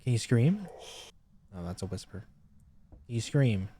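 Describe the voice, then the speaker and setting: A man's voice: mid-range voice, very animated, a little slow, warm tone, slight background noise. A man streaming a game live, chatting casually, calling out to the ghost and grumbling about game updates. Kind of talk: casual live gameplay commentary.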